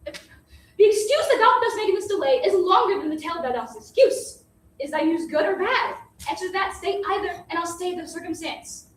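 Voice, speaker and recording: A woman plays an eager young girl in love who cannot wait for news. The voice is very high and lively with a pleading push. It sounds distant in an echoey hall with faint noise. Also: normal speed. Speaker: amateur stage actor. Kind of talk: unrehearsed stage reading. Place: theater stage.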